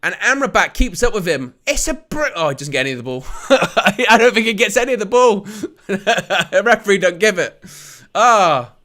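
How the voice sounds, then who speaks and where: A man hosts a live football watch-along, calling the play with a high, bright voice. He jokes with his viewers and laughs often, then rises to excited shouts when a chance goes close. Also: moderate pace. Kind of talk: live play-by-play commentary and chat.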